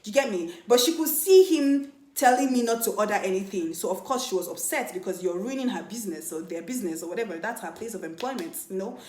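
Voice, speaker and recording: A young woman telling a dating story in a casual, animated vlog, often laughing and mimicking other people. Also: medium pitch, fast talker. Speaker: vlogger. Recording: echoey room.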